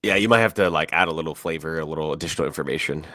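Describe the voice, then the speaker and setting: A man's voice: rumbling low, rapid-fire, bright, forceful tone, dry recording. A man co-hosting a livestream, reading crypto news items and shrugging off his slips with a curse. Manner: swears and laughs off slip-ups. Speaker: co-host.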